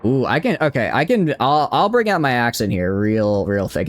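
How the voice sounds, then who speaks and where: With a medium-pitched, sing-song voice at normal speed and few pauses, a young Southern-accented streamer from the Southeastern US plays a strategy game. He chats casually, rambling and fixing his words as he answers chat.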